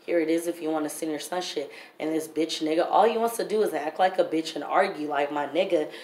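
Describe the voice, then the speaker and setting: In her storytime vlog, a woman recounts events bluntly, heatedly and with plenty of profanity. She has a deep, darkish voice and talks a little fast, with roomy echo and faint background noise around her.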